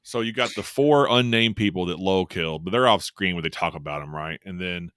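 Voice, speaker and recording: A man's voice: sits low, a little fast, fairly bright tone, clear, resonant tone, dry recording, clean studio sound. A man co-hosting a podcast, rambling through a casual recap with amused laughs. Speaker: podcast co-host. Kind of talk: casual chat recapping a horror film.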